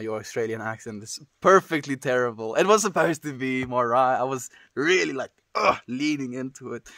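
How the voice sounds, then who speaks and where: A man's voice: mid-range voice, fairly bright tone, no echo. Laid-back man streamer, dry sound. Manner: laid-back, calls people dude and friend. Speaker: livestreamer. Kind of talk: casual chat reading viewer messages.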